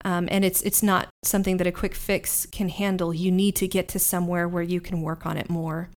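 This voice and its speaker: A woman's voice: on the low side, flat delivery, a little fast. A woman narrating as game master of a tabletop game, describing scenes steadily.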